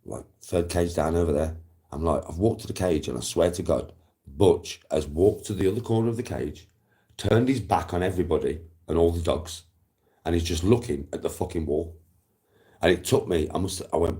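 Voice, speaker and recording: A man with a very deep voice chats casually with his viewers. He swears freely and wanders through long, rambling anecdotes. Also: a little fast, dark tone.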